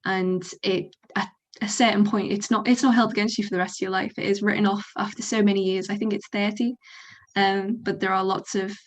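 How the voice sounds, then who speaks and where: A woman's voice: medium pitch, level tone, brisk. A young woman student on a panel, explaining practical matters in an earnest, informative way. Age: young adult. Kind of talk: casual panel discussion.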